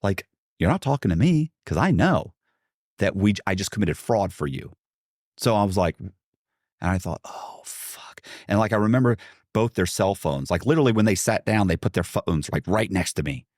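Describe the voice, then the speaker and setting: A man's voice: lowish voice, very animated, a little fast, a little mellow, dry recording, studio quality. A man guest in a podcast interview, telling a long story animatedly and acting out what others said, with many fillers and restarts.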